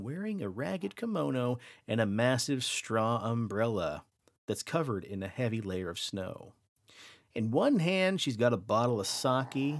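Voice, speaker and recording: A podcast host telling winter folklore tales in a casual, playful way, teasing his co-host. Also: medium pitch.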